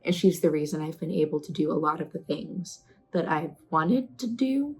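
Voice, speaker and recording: A woman in her twenties talking casually to the camera in a personal vlog, chatty and earnest, her questions rising with excitement. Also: low-pitched, moderate pace, rough recording. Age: 20s. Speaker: vlogger.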